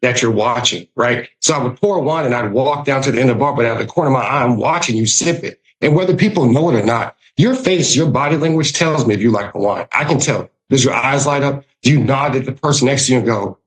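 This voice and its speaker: A man with a Southern US accent telling lively stories about hosting guests, often acting out what people said. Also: medium pitch, fast, hardly any pauses, rough recording. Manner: animated, acts out voices in his stories. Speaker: guest, winery hospitality director. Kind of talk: storytelling in casual podcast chat.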